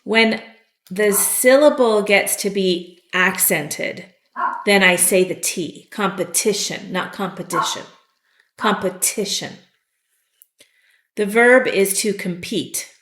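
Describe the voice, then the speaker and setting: Woman teacher, slow and patient delivery, echoey room. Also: mid-range voice, fairly bright tone. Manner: slow, patient explaining with fillers. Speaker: English teacher. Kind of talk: vocabulary lesson.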